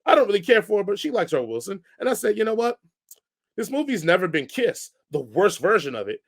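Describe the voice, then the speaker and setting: A man co-hosting a casual podcast, ranting in an animated way with sudden jumps in pitch and volume. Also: fast. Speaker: podcast co-host reviewing movies.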